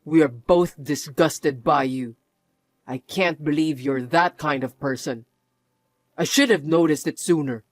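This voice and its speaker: A man's voice: on the high side, measured pace, no room sound, close to an everyday voice. An actor playing a mocking, controlling young husband who laughs often as he sneers. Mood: scolding. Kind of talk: narrated drama acting.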